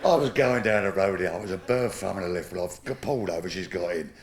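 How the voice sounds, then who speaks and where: Brash comedian, gravelly voice. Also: male voice, low voice, fast talker, a crowd in the background. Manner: brash, crude, laughing at own jokes. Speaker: stand-up comedian. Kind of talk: live stand-up comedy.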